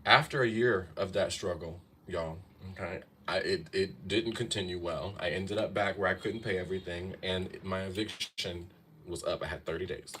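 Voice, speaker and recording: A man's voice: low-pitched, moderate pace, fairly bright tone, a little hiss or hum. A man in his thirties giving casual astrology advice on a live stream, talking to viewers in a chatty way and often checking in with "okay?". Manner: chatty, keeps saying "okay?" and "y'all". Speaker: astrology and tarot reader.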